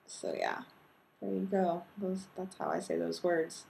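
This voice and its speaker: A woman from Texas with no regional accent, chatting casually to camera in a low-key, self-deprecating way and hesitating often. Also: sing-song, measured pace, vocal fry, a little mellow. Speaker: video blogger. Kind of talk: casual chat and word-list reading.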